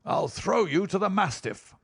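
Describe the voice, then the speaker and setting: A man's voice: fairly high pitch, big pitch swings, moderate pace, vocal fry, pitched above the performer's own voice, heavily acted. A man doing an oily, coaxing country squire. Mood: menacing. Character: sly coaxing middle-aged man turning menacing.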